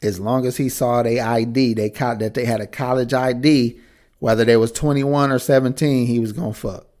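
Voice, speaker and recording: A man's voice: mid-range voice, fairly even intonation, moderate pace, a little mellow. A man co-hosting a podcast in casual chat, blunt and crude, often laughing as he riffs. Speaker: podcast co-host.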